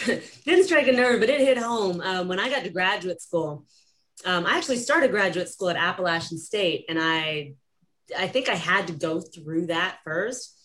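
A woman hosts a podcast, telling stories casually, laughing often and acting out the voices she quotes. Her voice is fairly low and fairly bright, with lively intonation and a moderate pace.

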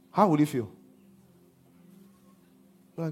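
A man preaching a sermon as pastor, swinging from hushed lines to half-sung shouts. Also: medium pitch, sing-song, unhurried, pauses often, slightly rough, faint music behind.

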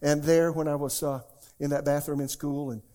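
A male pastor with a voice on the high side preaches a sermon to a live church congregation at a moderate pace, his delivery flat. He alternates between loud, emphatic exclamations and hushed, near-whispered asides.

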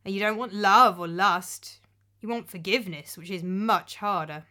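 Woman reading as a shrewd storybook witch, matter-of-fact, knowing, bright clear tone. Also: medium pitch, measured pace. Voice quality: surprisingly normal voice. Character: shrewd middle-aged village witch woman.

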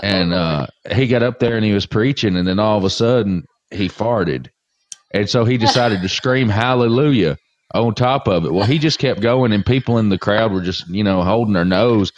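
A man telling jokes and anecdotes in a relaxed way during a casual podcast chat. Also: lowish voice, moderate pace, dry recording, lo-fi sound.

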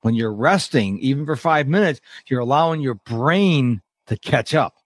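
A middle-aged man who coaches people on overwhelm, talking casually as a podcast guest and acting out quotes in lively voices. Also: medium pitch, moderate pace, dry recording, studio quality. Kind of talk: casual interview talk.

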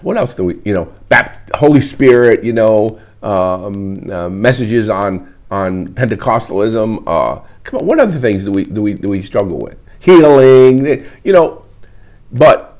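A middle-aged man, a pastor, preaching an emotional sermon in a halting, repetitive way, close to tears. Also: fairly low pitch, animated, a little mellow. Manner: emotional, wears heart on sleeve; halting, repeats words often. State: tearful. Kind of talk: livestreamed sermon.

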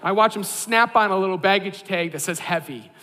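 A man in his thirties preaching a sermon, an animated and self-deprecating storyteller. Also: sits high, a little fast, long reverb tail. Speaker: pastor.

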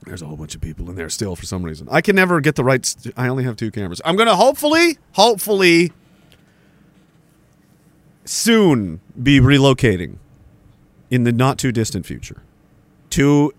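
A man's voice: mid-range voice, very animated, a little fast, no echo. Sarcastic man ranting on stream. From Canada. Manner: sarcastic, profane, laughs between remarks. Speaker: livestream host. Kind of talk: casual ranting commentary. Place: indoor room by a woodpile.

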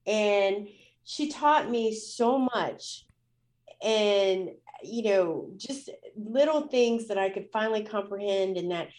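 A woman's voice: mid-range voice, takes it slowly, darkish tone. A woman speaking as a guest in an interview, telling a personal story in a candid, emotional way with many fillers.

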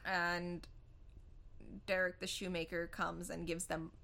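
A woman co-hosting a casual film recap chat, retelling the plot and acting out lines in quick voices. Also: lowish voice, little pitch movement, gravelly, bright, forceful tone. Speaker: podcast co-host.

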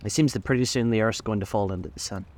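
A burly, bullying rich man speaks in a gruff, low voice, as a male narrator puts him on. He blusters along at a brisk pace in this audiobook reading. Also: a little mellow, slight background noise, close to an everyday voice. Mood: genial.

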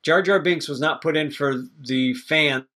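A man's voice: a little high, measured pace, sharp tone. A man co-hosting a podcast, chatting casually and opinionated about a movie, rambling and swearing freely. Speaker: podcast co-host. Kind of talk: casual movie review chat.

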